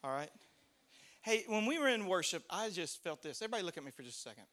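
High, bright-voiced pastor preaching. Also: male voice, fast. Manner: animated, laughing storyteller who shouts quoted lines. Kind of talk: sermon with storytelling.

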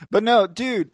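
A man hosting a casual sports podcast, telling stories in an animated way and laughing often. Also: sits high, no echo. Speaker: podcast host. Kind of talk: casual chat.

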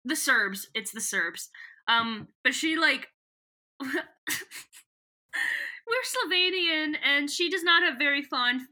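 A woman's voice: high voice, slow pace, pauses often. A woman co-hosting a podcast, casually recapping a story and laughing often. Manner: giggly, animated storyteller. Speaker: podcast co-host.

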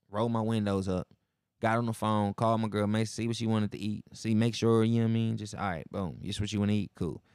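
Gravelly, profane podcast host riffing solo. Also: male voice, fairly low pitch, darkish tone, no room sound, studio quality. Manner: loose, profane storytelling with slang and reenacted dialogue. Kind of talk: casual monologue.

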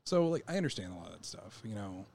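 A man's voice: on the low side, fast talker, creaky, slight background noise. Blunt, swearing young podcast man. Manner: blunt, profane, animated retelling. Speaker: podcast co-host. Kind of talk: casual chat.

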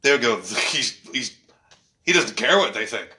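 A male stand-up comedian telling stories in casual chat, animated and laughing often, swearing freely. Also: medium pitch, normal speed. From Canada.

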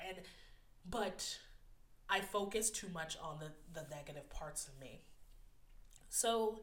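A woman speaks candidly in a fairly low but bright, forceful voice. She is open and self-deprecating, and she sometimes stumbles over a word as she reflects on herself. The room around her is echoey. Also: lively intonation, slow pace, pauses often.

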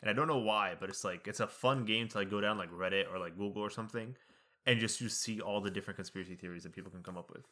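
A man's voice: on the low side, quick pace, bright, forceful tone. A young man co-hosting a casual podcast, chiming in with jokey asides. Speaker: podcast co-host. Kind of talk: casual chat.

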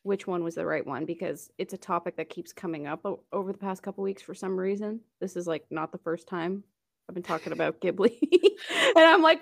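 A woman's voice: fairly low pitch, expressive, fairly quick, gravelly. Laid-back swearing woman co-host. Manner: laid-back, swears casually and laughs along. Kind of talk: casual podcast chat.

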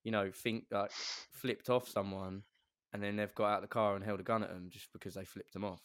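A man's voice: on the low side, fairly quick, dry recording, clean studio sound. A young man, a podcast co-host telling a rambling anecdote in casual chat. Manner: rambling, animated anecdote with quoted voices.

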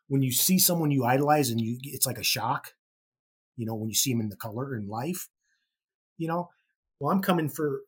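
Husky middle-aged man telling a story. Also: medium pitch. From Chicago. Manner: animated, acts out quoted voices. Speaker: podcast guest. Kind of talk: casual storytelling.

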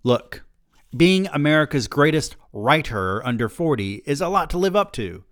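A man voicing a high-strung, self-important novelist father at a wild party, in a comic reading. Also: very animated, normal speed, dry recording, clean studio sound. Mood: frantic. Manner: loud, frantic, exaggerated.

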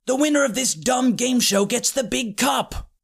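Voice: medium pitch, expressive, moderate pace, vocal fry, husky, pitched above the performer's own voice. A narrator doing a small, cocky, salty boy. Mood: sulky. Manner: sulky and impatient.

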